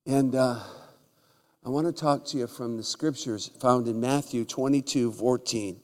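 A man preaching a humorous sermon in a church, telling jokey stories and breaking into loud shouts. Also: mid-range voice, unhurried. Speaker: guest preacher. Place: church sanctuary. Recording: large hall with long reverb.

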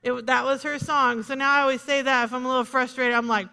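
A woman's voice: sits high, little pitch movement, fast talker, bright, forceful tone, smooth, in a large hall. A woman pastor preaching a sermon in a conversational, joking way, punctuated by calls of "Amen.".

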